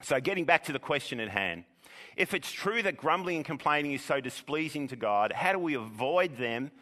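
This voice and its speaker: A man preaching a sermon in an earnest, measured way, sometimes repeating words as he goes. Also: a little high, lively intonation, sharp tone, long reverb tail. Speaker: pastor.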